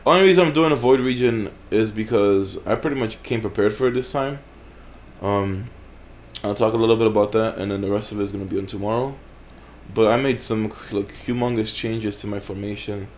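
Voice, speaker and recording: A man's voice: fairly low pitch, a little fast, darkish tone, slight background noise. Profane, blunt gaming-channel man. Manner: profane, blunt, frequent swearing. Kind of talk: casual gameplay commentary.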